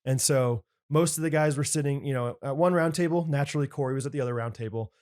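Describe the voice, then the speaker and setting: A man in his thirties co-hosting a podcast, telling a camp story in casual chat and acting out the quotes loudly. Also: mid-range voice, fast talker. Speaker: podcast co-host.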